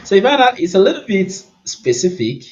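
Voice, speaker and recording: A man's voice: high-pitched, big pitch swings, a little fast, highs cut off. A man from Nigeria with a Nigerian accent, talking casually and upbeat through a tech tutorial as he thinks aloud. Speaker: tech YouTuber. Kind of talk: casual screen-recording tutorial.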